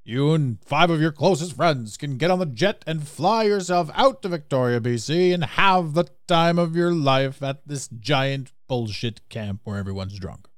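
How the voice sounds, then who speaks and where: A hyped male radio pitchman hawking a beer contest, as a man puts the voice on. The delivery is lifted and brassy, selling hard like an old radio spot. The sound is close and dry. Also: expressive, a little slow, hardly any pauses, no room sound. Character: booming male beer-commercial radio announcer.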